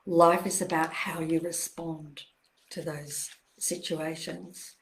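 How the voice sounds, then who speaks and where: Gentle older woman on a livestream. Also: low voice, little pitch movement, slight background noise. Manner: gentle, reassuring, repetitive phrasing with soft pauses. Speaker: self-help author hosting a live Q&A. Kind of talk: live-streamed Q&A talk.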